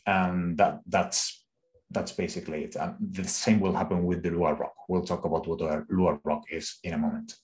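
A man, an engineer, walking through a live coding demo on a call, thinking aloud in an unhurried way with restarts. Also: deep voice, steady tone, a little mellow. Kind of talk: screen-share coding walkthrough.

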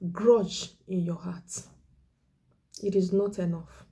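Earnest pleading woman preacher, mellow voice. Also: medium pitch, steady tone, slow pace, long pauses. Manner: drops to a whisper on key words. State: emotional, near tears. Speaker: evangelist. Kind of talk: exhortation sermon.

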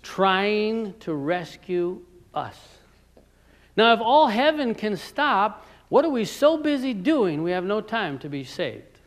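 A man preaching a sermon in a conversational way, asking his listeners questions and moving between loud emphatic lines and quiet ones. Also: high voice, very animated, takes it slowly. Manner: conversational, asks the audience questions.

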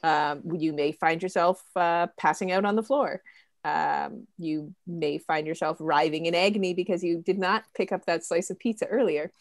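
A young woman hosting a casual game stream in a chatty, giggly way, filling her talk with ums and uhs. Her voice sits fairly low and sounds dry and close to the mic. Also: steady tone, moderate pace, no room sound. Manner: chatty, giggly, many fillers. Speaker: host.

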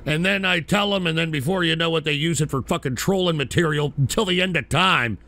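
A man's voice: on the high side, a little fast, pushed and bright. A man hosting a call-in radio show, rambling through viewer names with brash, profane, mock-indignant banter.

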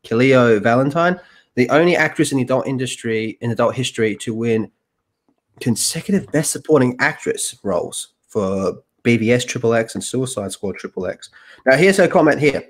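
A man's voice: mid-range voice, animated, normal speed. Man hosting a joking podcast. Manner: joking, profane, banter with co-hosts. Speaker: podcast host reading news and chat. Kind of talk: casual reaction chat, reading aloud.

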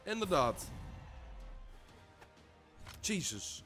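Young man, gameplay commentary, frustrated swearing, slightly high voice, lively pitch. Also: measured pace, pauses often, faint music behind. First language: Dutch. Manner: mutters self-talk. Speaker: gamer.

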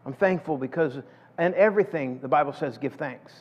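Speaking a little fast, a middle-aged man whose voice sits on the high side preaches from a church sanctuary. As a pastor with a folksy style, he repeats words to build up to a point, captured with dull sound and long church reverb.

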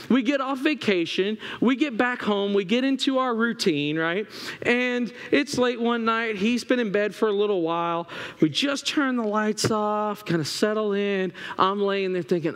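A man preaching with a bright, high-pitched voice, telling funny stories with animated energy. His sermon rings through a church sanctuary with long hall reverb. He speaks from a stage through a microphone. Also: moderate pace. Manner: animated, humorous storytelling. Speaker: assistant pastor.

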